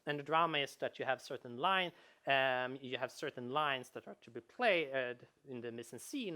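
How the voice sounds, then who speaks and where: A man, a game designer, giving a conference talk, animated and full of restarts and repeated words. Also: mid-range voice.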